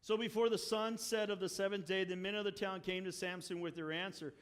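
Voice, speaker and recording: A male pastor preaching a sermon and telling the story with animated energy, acting out the characters' lines. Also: high-pitched, normal speed. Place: church sanctuary. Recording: long hall reverb.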